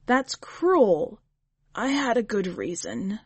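A woman's voice: mid-range voice, expressive, slow, husky, dry recording, heavily acted. A woman voicing an earnest, anxious young woman on a quest for her beastly husband, in a storybook reading. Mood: pleading. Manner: anxious, pleading.

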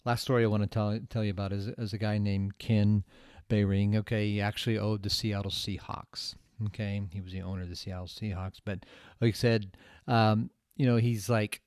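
A man hosting a podcast, giving a motivational talk with lively storytelling that swings between loud emphasis and hushed asides. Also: on the low side, dry recording, studio quality. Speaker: podcast host.

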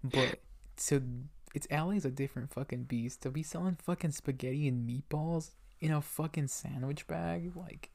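Young SoCal guy, podcast co-host, excitable, profane, filler-heavy, gravelly voice. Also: a little high, normal speed, no echo. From Southern California. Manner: excitable, heavy swearing, lots of "like". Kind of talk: casual chat.

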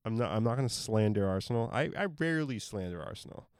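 An easygoing man in his thirties co-hosting a casual sports podcast. His voice is smooth and clear, with a dry, close sound and no room echo. He talks in a relaxed way and hedges his claims. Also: fairly low pitch, quick pace. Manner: easygoing, hedging, laughs often. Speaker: podcast co-host.

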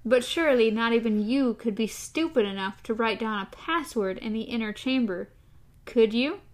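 A woman voicing a male gang leader who speaks in a soft, thick, quietly menacing voice. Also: a little high, expressive, measured pace.

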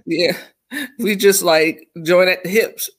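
A middle-aged woman, co-hosting a casual family podcast and telling stories with lively voices. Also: fairly low pitch, takes it slowly. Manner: animated storyteller, acts out voices in anecdotes. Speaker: co-host.

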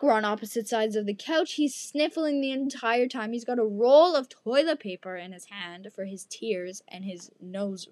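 A woman's voice: mid-range voice, no room sound. A young woman hosting a podcast who tells a story in a casual, dramatic way and addresses her listeners directly. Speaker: podcast host.

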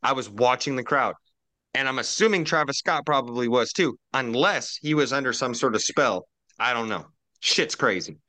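A man's voice: medium pitch, expressive, normal speed, bright, forceful tone, no echo. A man on a casual roundtable podcast, ranting profanely and animatedly while drinking.

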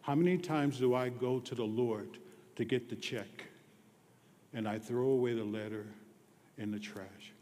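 Slow-preaching man in a reverberant hall. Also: medium pitch. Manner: slow, dropping to hushed near-whispers on key lines; rising to loud emphatic declarations. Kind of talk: sermon.

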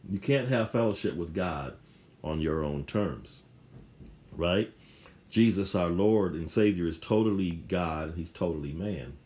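A man's voice: low-pitched, a little slow, darkish tone. A man preaching a sermon, emphatic and repetitive, often restarting his phrases.

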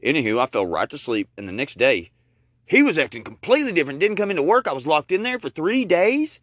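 A man's voice: fairly high pitch, sing-song, fast talker, fairly bright tone, no echo, clean studio sound. A man telling a comic story as a rambling, crude, folksy character, full of asides. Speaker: podcast host doing a comic storyteller character.

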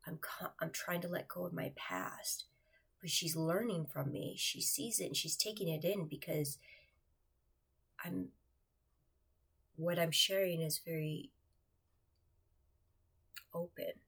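A woman with a lowish, husky voice and a gravelly edge, speaking earnestly straight to her viewers. She tells a personal faith testimony in a confiding tone and often sinks into a hushed whisper. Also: takes it slowly, long pauses. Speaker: churchgoer sharing a faith testimony.

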